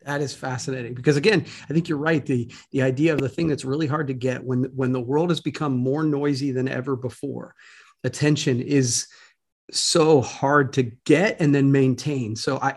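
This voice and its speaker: Husky man hosting a podcast interview. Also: medium pitch, fairly quick. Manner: rambling questions with many restarts. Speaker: podcast host.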